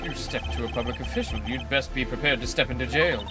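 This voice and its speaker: A woman's voice: extremely low pitch, fast talker, voice pushed down. A woman voicing a flamboyant rock-star male prosecutor who teases and drops German words, reading a game script aloud. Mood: showy. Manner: showy, teasing, dropping German words. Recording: game music playing behind.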